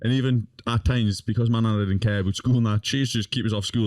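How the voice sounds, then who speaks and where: A man's voice: on the low side, steady tone, fast talker, darkish tone, dry recording. A young man telling a rowdy story in casual podcast chat, swearing constantly and laughing as he goes. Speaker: podcast guest.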